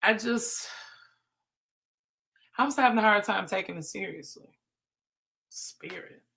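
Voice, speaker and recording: A woman hosts a live stream with a bright, forceful voice. Her talk is chatty and teasing, casual commentary aimed straight at her viewers. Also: medium pitch, a little slow, creaky. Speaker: livestream host.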